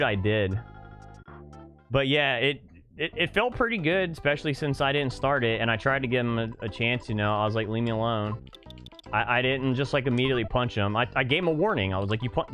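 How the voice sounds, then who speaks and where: Streaming a game, a young man rambles through a story to his live chat, swearing and using lots of fillers. His mid-range voice is slightly bright, fast and lively in intonation, with faint music in the background.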